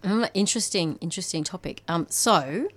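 A woman, a radio presenter with a soft, soothing voice. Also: lowish voice, expressive, brisk. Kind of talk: casual radio chat.

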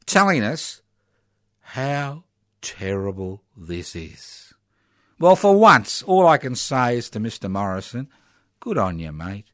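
A man's voice: medium pitch, sing-song, takes it slowly, a bit bright, no echo, studio quality. An Australian man hosting a talk radio show, delivering an opinionated monologue in a ranting, sarcastic, emphatic way. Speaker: radio host.

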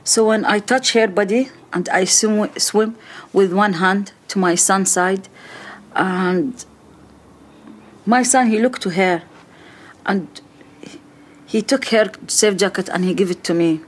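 A middle-aged woman gives personal testimony in slow, halting non-native English, speaking in short phrases. Her voice is husky and mid-range.

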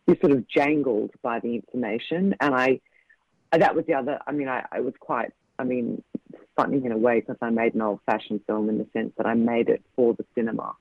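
A thoughtful male film director speaks in a halting, searching way, often circling back to restart a thought. His voice sits at an ordinary middle pitch. The audio is dry and a little muffled, like a radio broadcast. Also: fairly even intonation, no room sound. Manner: reflective, halting, many restarts. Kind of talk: radio interview.

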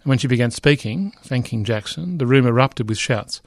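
A man's voice: mid-range voice, expressive, fairly quick, dry recording, studio quality. A middle-aged man lecturing, reading a news report aloud with frequent asides, fillers and restarts.

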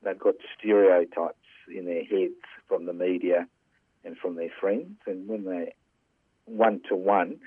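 An older man from Australia hosting a radio interview and asking his questions haltingly, with many fillers. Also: sits low, fairly even intonation, husky, dry recording. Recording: dry phone-like line.

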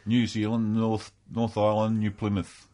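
An Australian man with a very low voice, talking in a relaxed, unhurried way during a casual chat. His tone stays easy and low-key.

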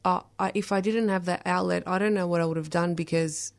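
A woman speaks in a slightly low voice as a guest on a radio interview. She sounds reflective and talks in loose, filler-laden sentences. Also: steady tone, fairly quick, gravelly. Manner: reflective, many fillers like "you know". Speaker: poet and author guest.

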